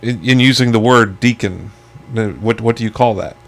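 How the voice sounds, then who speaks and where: A man's voice: lowish voice, normal speed, a bit bright. A man hosting a casual podcast interview, stammering and restarting as he asks questions. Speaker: podcast host.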